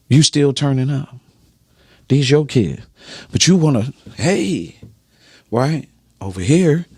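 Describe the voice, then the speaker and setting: Man, emphatic preachy testimony, dry close sound, middle pitch. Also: darkish tone, dry recording. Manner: emphatic, preachy, repeats "right?". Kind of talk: impassioned personal testimony.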